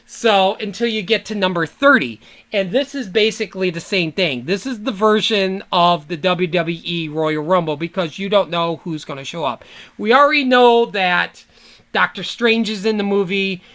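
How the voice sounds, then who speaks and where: A solo podcast host delivers a loose, rambling fan rant rather than a prepared script, swearing freely and drifting off topic. The voice is bright and forceful at medium pitch and moderate pace.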